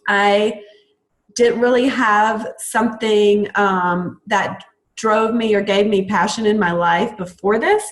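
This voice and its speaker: A woman's voice: mid-range voice, takes it slowly, poor audio. A young adult woman, a fitness coach, talking enthusiastically on a recruiting call, with frequent ums.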